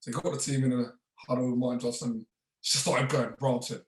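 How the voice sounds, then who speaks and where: A man spinning laid-back stories as a podcast guest, chuckling often and slipping into the voices of the people in his tales. His voice sits at a middling pitch. It sounds roomy and a bit off-mic, as if recorded some distance from the microphone in an echoey space. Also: fast talker. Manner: relaxed, chuckles often, acts out others' lines. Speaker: podcast guest, former rugby player. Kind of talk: casual anecdote storytelling.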